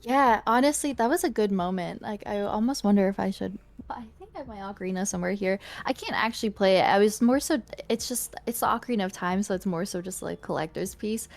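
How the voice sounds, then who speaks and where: A woman's voice: medium pitch, fast talker, gravelly. A woman from Canada, a streamer guest on a podcast, chatting in an easygoing, giggly way with lots of fillers. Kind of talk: casual interview chat.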